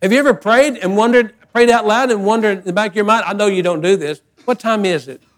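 Older male pastor, high-pitched voice, folksy and emphatic sermon delivery. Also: quick pace. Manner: folksy, emphatic preaching with repeated phrases.

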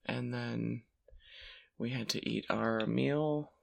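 Tired podcast cohost guy, gravelly fry all over his voice, slow drawl. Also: mid-range voice, fairly even intonation. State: tired, awake twenty hours. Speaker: podcast co-host. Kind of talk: casual chat.

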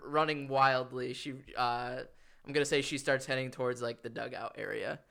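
A young man hosting a podcast and running an improvised tabletop game, animated and giggly, swearing freely. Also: medium pitch, normal speed, vocal fry. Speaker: podcast host and game master. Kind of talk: improvised tabletop role-play.

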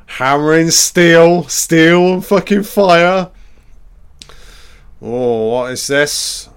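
A man giving casual, excitable commentary on a film as he watches it, swearing freely and reacting aloud to each scene. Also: on the high side, clear, resonant tone.

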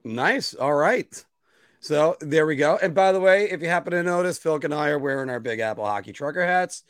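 A man's voice: a little high, lively intonation, brisk, no room sound, clean studio sound. A man hosting a casual sports podcast, chatty and promotional with frequent fillers. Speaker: podcast host.

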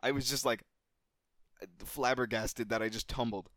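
A man co-hosting a podcast, telling a childhood story in a casual, animated way and swearing freely. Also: moderate pace, no room sound, studio quality. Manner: animated, gets louder and higher at the story's climax. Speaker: podcast co-host.

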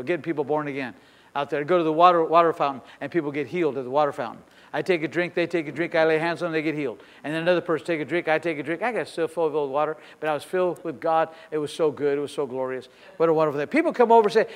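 A middle-aged man pastor preaching a sermon with personal stories, swinging between soft asides and loud emphatic declarations. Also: fairly high pitch, long reverb tail.

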